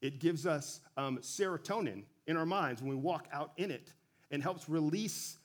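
A man giving a relaxed sermon, talking conversationally with frequent self-corrections and joking asides. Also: on the high side, moderate pace. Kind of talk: casual sermon.

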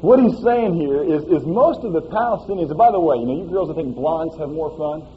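A man's voice: a little high, brisk, a little hiss or hum. Folksy man preaching, slightly dull sound. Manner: folksy and animated, with frequent "all right?" asides. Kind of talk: sermon.

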